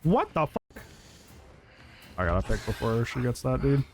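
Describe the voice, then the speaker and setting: A man's voice: mid-range voice, big pitch swings, moderate pace, a little mellow, a little hiss or hum. A man giving casual, jokey commentary while he plays a video game, talking to the players on screen, laughing and swearing often. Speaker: gaming YouTuber. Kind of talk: live gameplay commentary.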